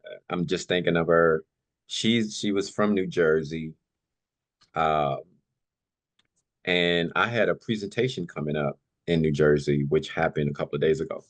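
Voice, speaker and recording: A man, a podcast guest, telling stories in a casual, animated way, often filling in with "you know" and "like", and laughing easily. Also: low-pitched. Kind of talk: casual storytelling chat.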